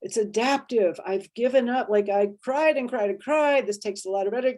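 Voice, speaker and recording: A woman therapist leading an interactive workshop, lively and expressive, acting out inner voices and checking in with her listeners. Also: on the high side, fairly quick, few pauses. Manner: animated, acts out inner voices and checks in with "right?".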